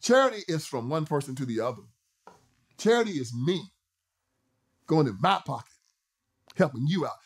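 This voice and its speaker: A man's voice: fairly high pitch, big pitch swings, normal speed, long pauses, husky. A man hosting a political commentary show, delivering an emphatic, repetitive, sermon-like monologue. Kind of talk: preachy monologue.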